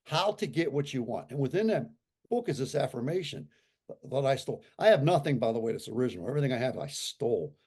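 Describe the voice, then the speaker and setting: A man in his sixties, a guest on an interview, who talks in an animated and emphatic way and repeats his points for effect. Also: medium pitch, quick pace, husky. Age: 60s. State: recovering from a stroke. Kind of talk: casual conversational talk.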